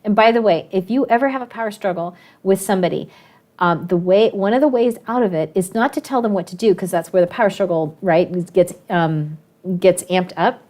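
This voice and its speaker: A woman teacher telling a classroom story in a casual, lively way, often laughing and acting out the voices of her students. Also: medium pitch, fairly quick.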